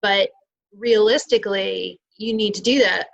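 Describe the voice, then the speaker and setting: A woman's voice: medium pitch, fairly even intonation, unhurried, creaky, lo-fi sound. A woman interviewer reading out viewer questions in a conversational way, with some hesitation.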